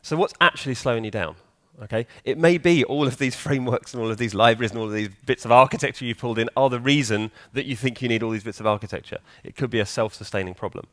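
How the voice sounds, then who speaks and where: A man speaking from a conference stage in a loose, chatty way, tossing questions out to the crowd and answering them himself. His voice sits at an everyday middle pitch. The sound is dry and close, with almost no room echo. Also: fast, few pauses, fairly bright tone. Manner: conversational, quizzes the audience. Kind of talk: conference talk. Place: conference hall.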